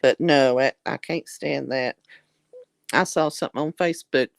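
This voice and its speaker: A woman's voice: extremely low pitch, normal speed, gravelly, no room sound. A woman with a Southern US accent chatting casually with viewers on a livestream, folksy and affectionate, calling people honey and blessing their hearts. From Southern United States. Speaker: livestream host.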